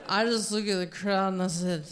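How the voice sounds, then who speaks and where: A woman stand-up comedian telling a story on a theater stage with an animated delivery, exclaiming her punchlines into a handheld mic. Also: medium pitch, normal speed, some chatter behind. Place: theater stage before a live audience.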